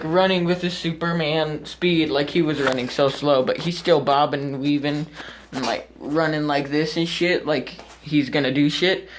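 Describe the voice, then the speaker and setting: A teenage boy vlogging, casually telling a story to the camera, animated and full of swearing as he acts out what happened. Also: sits high, a little hiss or hum. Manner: animated, profane, acts out the scene.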